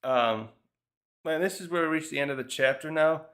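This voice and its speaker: A man's voice: a little high, normal speed, fairly bright tone. A man casually reviewing a manga chapter, thinking aloud with frequent restarts and fillers. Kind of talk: casual rambling commentary.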